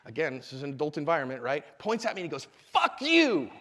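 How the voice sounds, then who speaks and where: High-voiced man teaching in an echoey hall. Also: racing. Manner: animated storyteller, acts out quotes. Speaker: self-defense instructor. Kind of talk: live seminar talk. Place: convention hall.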